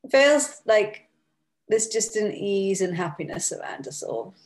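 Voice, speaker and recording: A British woman chats casually as the client in a guided session, laughing a lot and peppering her talk with "like." Her medium-pitched voice is expressive and a little slow.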